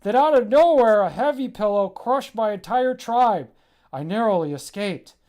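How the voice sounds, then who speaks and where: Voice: medium pitch, expressive, normal speed, mellow, voice pushed up, natural voice. A livestreaming comic creator voicing a small mud pillow creature scout who reports urgently in broken, simple grammar. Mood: frantic.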